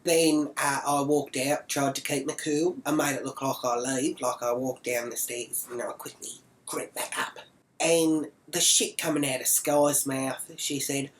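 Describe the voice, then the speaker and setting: A brash Australian woman rants to her camera. She swears without pause and acts out each side of the argument she is retelling. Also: extremely low pitch, steady tone, low-quality recording. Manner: acts out quoted exchanges. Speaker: vlogger. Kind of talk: casual storytelling rant.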